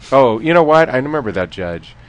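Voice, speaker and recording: A man telling courtroom stories in a casual chat, laughing often and trailing off into quieter asides. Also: medium pitch, big pitch swings, brisk. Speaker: former defense lawyer telling stories.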